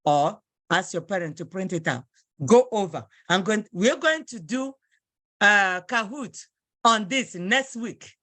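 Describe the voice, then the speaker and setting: A woman's voice: mid-range voice, lively intonation, a little slow, a bit bright, no room sound. A woman language teacher leading an online class, patiently repeating phrases and encouraging her students. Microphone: video call.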